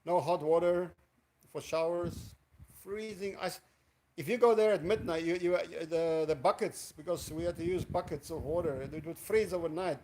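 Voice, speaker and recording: Rambling man, fairly high voice. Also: moderate pace, darkish tone, poor audio. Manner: rambling, chatty, greets viewers by name. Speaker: live streamer. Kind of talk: casual live stream chat. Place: indoors in Cebu, Philippines, in the evening.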